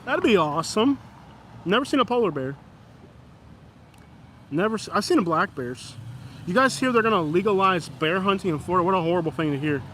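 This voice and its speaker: A man's voice: high voice, expressive, a little fast, long pauses, sharp tone, a little hiss or hum. A man live-streaming outdoors on a busy street, joking with chat and mock-scolding passing drivers. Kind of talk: live-stream vlog, commenting on passers-by.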